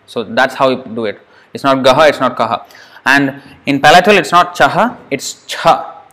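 A man's voice: medium pitch, expressive, sharp tone. Man teaching Sanskrit sounds patiently. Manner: patient, repeats sounds slowly for students. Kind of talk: slide-based online lesson.

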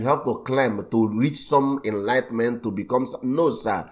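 A man's voice: mid-range voice, moderate pace. A man preaching a sermon, emphatic and repetitive, often breaking in with praise. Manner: emphatic, repeats phrases and says "Praise God" often. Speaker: pastor.

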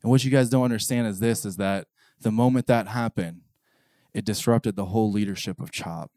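A man preaching a sermon and telling personal stories, swinging between hushed intensity and loud exclamation. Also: on the low side, brisk, no echo.

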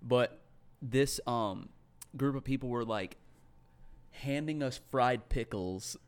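A man's voice: mid-range voice, slow, clean tone. A young man co-hosting a podcast, talking in a blunt, heavily profane way. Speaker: podcast co-host. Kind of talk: casual chat.

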